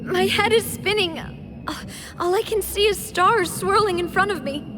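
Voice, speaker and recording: Young game heroine, bewildered, pained, high voice, music behind. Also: female voice, a little slow. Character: spirited young woman, troubled and dizzy.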